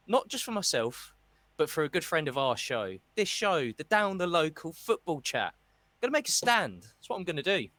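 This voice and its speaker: Male co-host, sarcastic ranter, expressive delivery, dry booth sound. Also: a little high, no room sound. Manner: ranting, mocking, with mimicked voices. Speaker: podcast co-host. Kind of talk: casual football chat.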